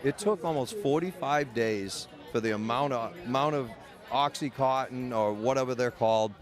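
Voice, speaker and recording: A man's voice: mid-range voice, moderate pace, over music, a crowd in the background. A man candidly telling his own story in an interview, blunt and profane, rambling with restarts. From United States. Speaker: medical cannabis caregiver and patient.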